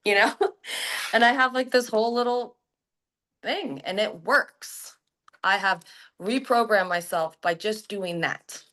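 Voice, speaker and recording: A young adult woman, a hypnotherapist, talking about healing in a casual, animated, slangy way. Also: medium pitch, normal speed. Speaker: guest hypnotherapist. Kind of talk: casual podcast chat.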